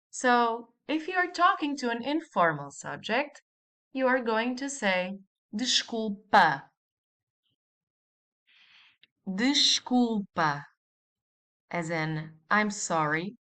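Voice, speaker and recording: A woman teaching a language lesson, speaking slowly and clearly and repeating model words for the listener. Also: medium pitch, a bit bright. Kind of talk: scripted language lesson narration.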